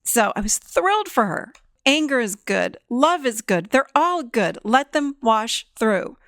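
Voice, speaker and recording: A woman hosting a podcast as a therapist, talking in an animated, emphatic way and laughing often. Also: a little high, unhurried, dry recording, studio quality. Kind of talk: conversational podcast talk.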